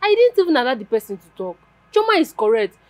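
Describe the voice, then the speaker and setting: A woman's voice: high-pitched, very animated, fast talker, no echo. An actress with a Nigerian accent playing a young woman firmly reproaching her brother. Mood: reproachful. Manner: firm, reproachful. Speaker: actor. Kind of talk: film drama acting.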